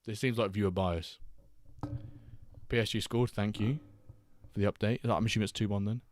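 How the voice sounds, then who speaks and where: A man's voice: fairly low pitch, steady tone, normal speed, a little mellow, no echo. A man hosting a live watchalong stream, reading chat aloud and bantering with a jokey, laughing manner.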